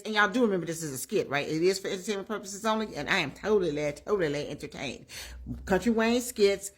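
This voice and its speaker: A woman hosting her own channel, chatting through a recap of comedy skits in a lively, storytelling way and talking straight to her viewers. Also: mid-range voice. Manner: animated storyteller who acts out the characters' lines; chatty, addresses viewers directly. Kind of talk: casual recap and commentary.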